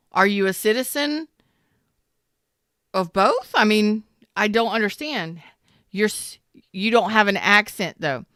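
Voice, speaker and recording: A woman, a tarot reader and love coach, chatting casually and bluntly on a livestream with animated storytelling. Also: medium pitch, clear, resonant tone, no room sound, studio quality.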